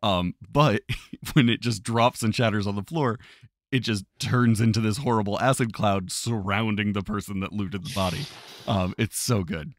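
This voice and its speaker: A man's voice: on the low side, moderate pace, dry recording. A man co-hosting a live-streamed talk show, chatting playfully with frequent fillers and laughter. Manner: playful and rambling, many fillers, laughs often. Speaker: podcast co-host. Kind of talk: casual chat, mock news segment.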